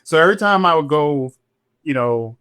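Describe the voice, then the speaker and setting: A middle-aged man, a police officer and podcast guest, telling his story candidly and animatedly, jumping up in pitch when he acts out what people said. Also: moderate pace, clear, resonant tone. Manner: animated, acts out quotes in a higher voice.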